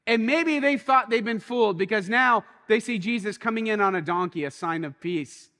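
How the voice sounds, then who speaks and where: A man preaching a sermon as a pastor, telling a story in an animated way that swings between quiet and excited. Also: high voice, normal speed, in a large hall. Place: church.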